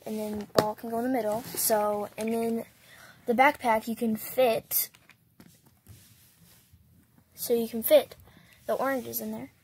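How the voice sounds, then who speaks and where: A woman hosting a toy unboxing, explaining each piece softly and step by step. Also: on the high side, slight background noise. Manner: soft, unhurried, explaining step by step. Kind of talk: toy unboxing and doll play narration.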